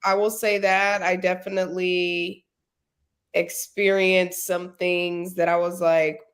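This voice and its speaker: A woman's voice: on the low side, flat delivery, slow pace. A woman talking candidly as a podcast guest, rambling with many fillers. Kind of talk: casual chat.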